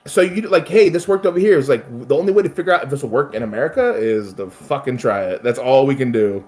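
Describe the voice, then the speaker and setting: A man's voice: mid-range voice, fast talker, a little mellow. A man in casual chat, speaking emphatically, swearing freely and acting out quoted exchanges.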